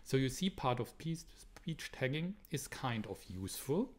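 A man's voice: mid-range voice, big pitch swings, measured pace. Man giving a recorded university lecture. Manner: explanatory, rhetorical questions, frequent restarts.

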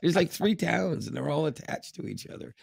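A man's voice: on the high side, animated, brisk, vocal fry, husky, no room sound, clean studio sound. A man co-hosting a podcast in casual chat, rambling with lots of fillers and laughs. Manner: rambling, laughs often, many fillers and restarts. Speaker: podcast co-host.

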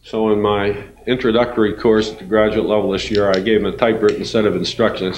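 A man, a university professor, giving a storytelling lecture, animated and acting out the voices in his anecdotes. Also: lowish voice, quick pace, hardly any pauses, a crowd in the background. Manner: animated, acts out quoted voices, chuckles. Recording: roomy hall with faint noise.

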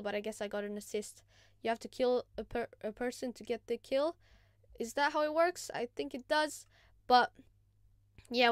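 A woman hosting a gaming channel, giving casual gameplay commentary in an excitable, chatty, self-mocking way. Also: on the high side, clear, resonant tone, no room sound, studio quality.

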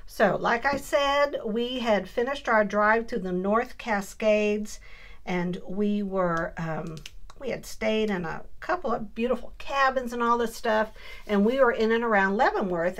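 A woman's voice: medium pitch, a bit bright. A woman hosting a casual scrapbooking tutorial, chatting through each step and telling a story as she works. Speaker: crafting channel host.

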